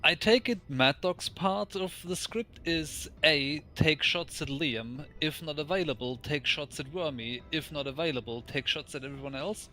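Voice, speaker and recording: A man's voice: fairly high pitch, normal speed, hardly any pauses, pushed and bright. A man chatting as a guest on a game stream, teasing in a matter-of-fact way. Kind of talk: casual chat.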